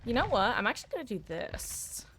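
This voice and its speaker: A woman's voice: on the high side, big pitch swings, brisk, fairly bright tone, slight background noise. A woman streaming a game live, chatting casually, answering her chat and laughing often. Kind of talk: casual chat while gaming.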